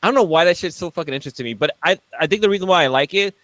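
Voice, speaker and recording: A man's voice: very fast, no room sound. A man co-hosting a podcast, telling stories in casual, profane chat. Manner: animated storyteller, swears freely, lively pitch. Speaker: podcast co-host.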